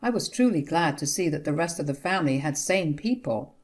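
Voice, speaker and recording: A woman narrating a first-person family drama story in a steady, indignant way. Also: deep voice, brisk.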